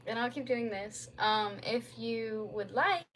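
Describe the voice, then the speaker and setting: With an unhurried, somewhat bright voice on the high side, a young streamer rambles casually into her phone from home, packing her talk with "like". A little hiss or hum sits under the audio.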